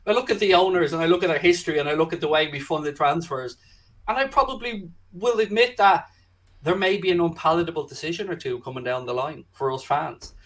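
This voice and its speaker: A man's voice: a little high, brisk, fairly bright tone, low-quality recording. A man, co-hosting a casual football chat and talking in confident, emphatic long runs. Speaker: podcast co-host.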